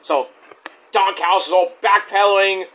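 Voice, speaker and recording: A man with a high-pitched, slightly bright voice talks at normal speed while recapping a wrestling show. He's casual and profane, rambling through every segment and restarting often.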